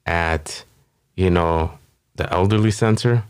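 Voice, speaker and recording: A man with a very low voice hosts a comedy podcast. He riffs casually and rambles, swearing often and padding his thoughts with ums and you-knows. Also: unhurried. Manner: rambling, profane, with many fillers. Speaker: podcast host.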